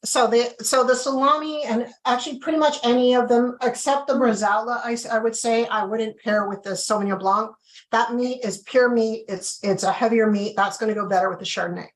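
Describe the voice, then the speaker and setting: A chatty woman walks viewers through a live wine tasting, talking casually with plenty of ums. Her voice sits a bit high, and she comes through a video call. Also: steady tone, fairly quick, rough recording. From Canada. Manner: chatty, filler-heavy explaining.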